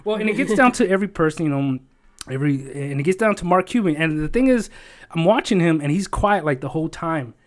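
A man's voice: fairly high pitch, lively intonation, fast talker. Rambling, swearing man telling a story. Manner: rambling, profane, emotional storytelling with many fillers. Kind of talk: casual chat.

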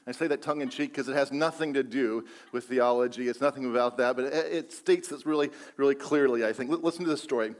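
A man's voice: medium pitch, quick pace, few pauses. A male pastor preaching a sermon, emphatic and repeating his key phrases.

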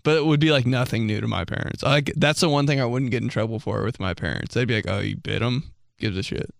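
A young podcast host with a creaky, mid-range voice talks fast as he rambles through a story in casual chat, packing in "like"s, swearing freely and laughing often. It's studio-quality audio with no echo.

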